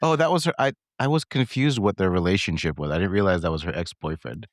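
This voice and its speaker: A man's voice: sits low, fast, no room sound, clean studio sound. A man co-hosting a casual podcast, asking questions and laughing along. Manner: curious, asks questions, laughs. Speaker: podcast co-host. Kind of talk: casual chat.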